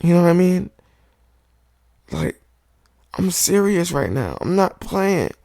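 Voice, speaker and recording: A man's voice: high-pitched, big pitch swings, takes it slowly, vocal fry, warm tone, dry recording, clean studio sound. A man hosting a podcast, delivering a heated, profane monologue rant and hammering the same point over and over into a microphone. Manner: heated, profane, repetitive insistence. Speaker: podcast host. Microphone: studio microphone.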